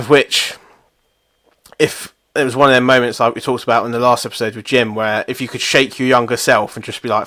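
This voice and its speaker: A man's voice: medium pitch, fairly even intonation, moderate pace, bright, forceful tone, no echo, clean studio sound. A young man co-hosting a podcast, telling rambling, self-mocking stories with lots of swearing. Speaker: podcast co-host. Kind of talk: casual chat.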